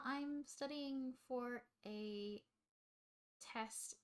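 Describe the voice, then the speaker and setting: A young woman, livestreaming casually while she studies, rambling to her chat and reading notes aloud into a desk microphone. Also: on the high side. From Australia.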